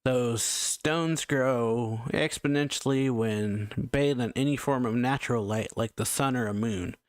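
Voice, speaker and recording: A blunt male doctor giving a grave verdict read by a man, in an even mid-pitched voice. The sound is close and dry. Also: measured pace, no echo, close to an everyday voice.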